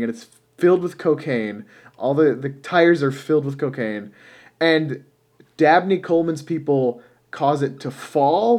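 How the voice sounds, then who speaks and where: A man's voice: fairly high pitch, darkish tone. A man co-hosting a podcast, chatting casually about a film and thinking aloud as he goes. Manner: musing, trails off and restarts. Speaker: podcast co-host.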